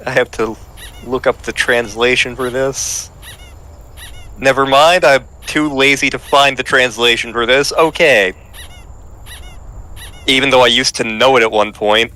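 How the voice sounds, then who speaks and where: A man chatting and joking casually with friends on a voice call while they play a game, animated and quick to cut himself off. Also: medium pitch. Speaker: co-host playing a game. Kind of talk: casual chat while gaming.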